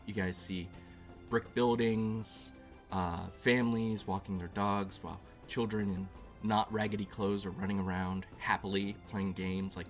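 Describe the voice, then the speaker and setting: A man narrating as game master of a tabletop game, joking and laughing easily as he describes scenes. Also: fairly low pitch. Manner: relaxed, joking, laughs often.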